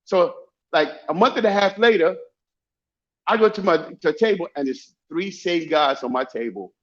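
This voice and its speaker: An animated man telling stories as a guest, repeating and restarting his phrases as he goes. His voice is somewhat high for a man. The recording sounds muffled and lo-fi. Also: moderate pace. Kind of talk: casual storytelling.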